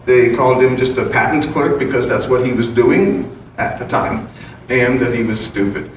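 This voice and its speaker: A man's voice: medium pitch, steady tone, normal speed. A man giving an informal spiritual talk to an audience, playful and chuckling as he explains his points. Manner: playful and chuckling, with casual asides. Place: large room with an audience. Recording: very echoey room, distant mic, background noise.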